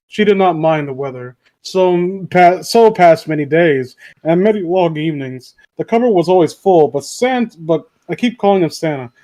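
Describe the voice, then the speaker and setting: Man, slightly higher voice, informal home reading of a storybook with frequent self-corrections. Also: warm tone. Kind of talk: casual read-aloud of a classic story.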